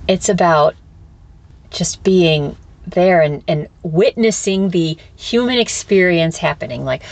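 A woman hosting a spiritual self-help podcast, talking candidly and casually, swearing freely and slipping into high squeaky voices when she quotes people. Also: slow, creaky. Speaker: podcast host. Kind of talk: reflective spiritual talk.

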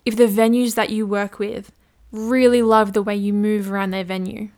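A woman's voice: medium pitch, level tone, normal speed, darkish tone. A woman hosting a solo business podcast, chatty and playful, acting out little scenes as she gives advice. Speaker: podcast host, business coach.

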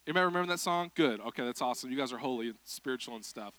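Bright-voiced preacher, joking. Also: male voice, a little high, very fast, hardly any pauses, dry recording. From South Georgia, USA. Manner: joking, chatty, self-deprecating. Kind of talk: humorous sermon. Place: church.

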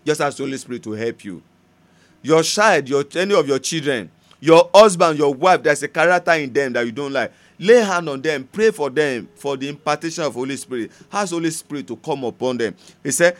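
A man preaching a sermon, emphatic, moving between loud proclamation and soft prayer and laughing often as he tells stories. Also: a little high, expressive, fast talker.

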